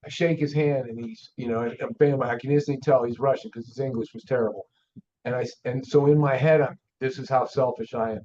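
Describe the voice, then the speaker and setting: An older man, an auto shop owner, telling a story in a folksy, animated way as a guest on an interview show. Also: medium pitch, brisk, a little hiss or hum. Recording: dull lo-fi audio.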